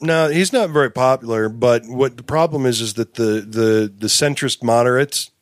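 A man ranting in a profane, animated way during a casual political chat. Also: medium pitch, moderate pace, no echo, clean studio sound.

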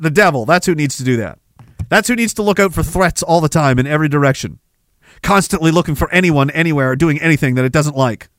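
A man's voice: a little high, fairly bright tone, no room sound, studio quality. A man hosting a political commentary livestream, sarcastic and rambling, reading viewer messages and laughing often. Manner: reads viewer messages aloud. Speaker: livestream host.

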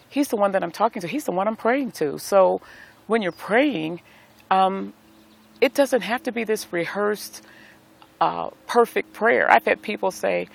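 A man's voice: high-pitched, lively intonation, a little slow, gravelly. A middle-aged man giving a devotional talk outdoors, speaking as a pastor with a preacherly cadence and repeated phrases. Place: outdoors in nature.

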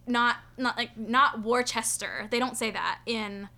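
Bright, chatty young woman podcaster. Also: on the high side, steady tone, unhurried, vocal fry. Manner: chatty, rambling with fillers and asides. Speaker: podcast co-host. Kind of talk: casual storytelling chat.

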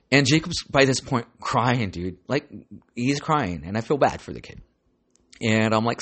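A man's voice: mid-range voice, animated, moderate pace, a bit bright. A man in his forties hosting a casual solo podcast, telling rambling stories with swearing and lots of "dude.". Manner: rambling storytelling, swears, calls listeners "dude". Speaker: podcast host.

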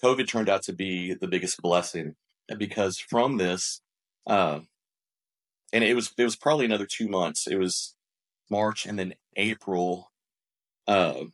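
Man with a somewhat low voice, business-owner podcast guest, animated storyteller who restarts and repeats his words. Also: measured pace, long pauses. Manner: animated, acts out quoted dialogue. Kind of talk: conversational storytelling.

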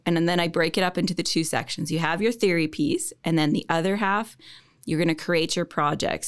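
Enthusiastic woman instructor, lowish voice. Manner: enthusiastic, laughs often. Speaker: college business instructor. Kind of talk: podcast interview.

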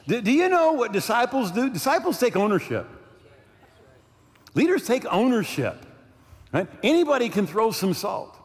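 Animated pastor preaching in a reverberant hall. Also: male voice, sits high. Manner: storytelling, animated, many restarts and asides to the congregation. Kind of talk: sermon. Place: church sanctuary.

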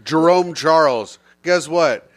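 A man's voice: on the high side, takes it slowly, no room sound. Crude joking male podcast host. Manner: crude, joking, reads listener comments aloud. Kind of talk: casual podcast chat.

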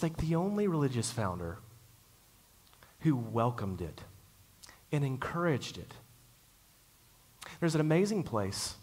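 Man, preacher, conversational sermon, mid-pitched voice, long hall reverb. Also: slightly rough. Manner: conversational storytelling, slows down to stress key lines.

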